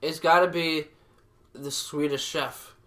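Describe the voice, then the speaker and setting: Bright-voiced, blunt male co-host. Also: a little high, steady tone, slow. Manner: blunt, profane, dismissive. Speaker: podcast co-host. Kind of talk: casual chat.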